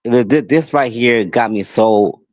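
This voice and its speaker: Male podcast host, angry emphatic monologue, unhurried pleading delivery, dry close sound. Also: mid-range voice, darkish tone, dry recording. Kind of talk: impassioned monologue.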